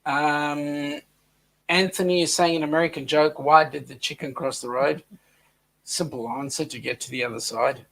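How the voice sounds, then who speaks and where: Gravelly-voiced man chatting on a live show. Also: a little high, steady tone, normal speed, fairly bright tone. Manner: reads viewer comments aloud, joking. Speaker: co-host of a live chat show. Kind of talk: casual live-stream chat.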